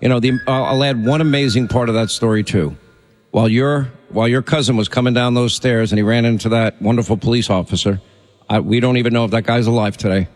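A man's voice: medium pitch, fairly even intonation, fast talker. Talk radio host guy, urgent and pushy, some long reverb on him. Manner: forceful, urgent, speaks in rallying lists.

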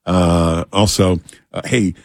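A man hosting talk radio, reading ads and chatting in a relaxed, halting way full of fillers. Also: deep voice, creaky, no room sound. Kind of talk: talk radio with live ad reads. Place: radio studio. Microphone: studio microphone.

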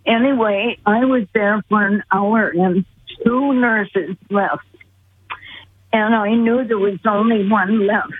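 A woman's voice: medium pitch, steady tone, takes it slowly, husky. A woman caller earnestly and vividly recounting a personal story. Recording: tinny phone line with faint hiss.

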